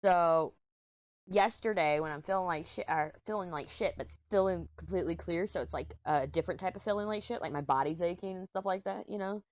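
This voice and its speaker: A woman's voice: on the low side, fairly quick, no room sound. A middle-aged woman vlogger chatting casually while she crafts, telling a rambling story and giggling often. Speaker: diamond painting vlogger.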